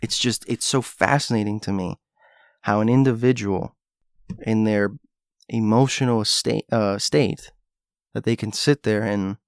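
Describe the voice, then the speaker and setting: A man's voice: mid-range voice, dry recording, studio quality. A man talking through a rambling, musing monologue, thinking aloud with restarts and asides. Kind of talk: casual monologue.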